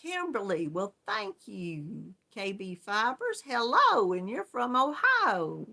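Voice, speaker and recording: A woman's voice: mid-range voice, huge pitch swings, slow pace, creaky, bright, forceful tone. A woman hosting a casual live-stream chat, greeting viewers one by one and laughing often. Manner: chatty, friendly, laughs often. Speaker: yarn crafts channel host.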